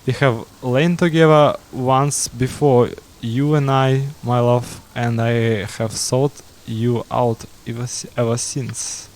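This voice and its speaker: A man reading out a proud, lovesick beast shapeshifter in a flat voice with stumbles. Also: medium pitch, slow pace, hardly any pauses, close to an everyday voice.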